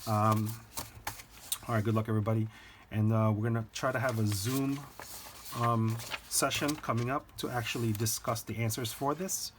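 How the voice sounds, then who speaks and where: A man's voice: fairly low pitch, fairly even intonation, moderate pace, noisy background. A man teaching a recorded lecture, talking informally and directly to his students, with light jokes.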